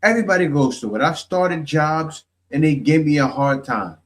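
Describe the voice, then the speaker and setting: A man's voice: fairly high pitch, lively intonation, normal speed, a little hiss or hum. A man giving blunt, scolding commentary as he reacts to video clips.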